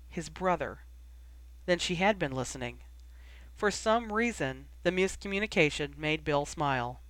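A reader narrating fan fiction in a measured, steady way. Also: mid-range voice, no room sound. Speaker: audiobook reader.

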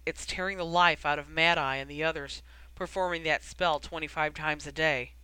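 An audiobook reader voicing a weary, harried middle-aged wizard official who talks in a brisk, grumbling, wry way. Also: medium pitch, fairly even intonation, pushed and bright, clean tone, no room sound, close to an everyday voice, rough recording.

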